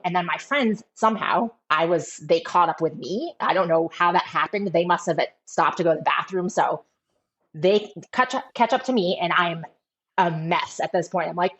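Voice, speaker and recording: A woman's voice: lowish voice, normal speed, a bit bright. A woman telling a running story in casual chat, full of fillers. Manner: chatty storytelling with many fillers. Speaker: guest runner. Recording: dull lo-fi sound.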